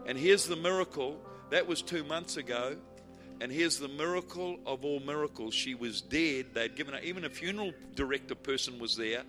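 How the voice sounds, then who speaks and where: A man preaching a sermon, telling humorous stories and swinging from quiet asides to shouted declarations. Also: a little high, lively intonation, a little fast, faint music behind.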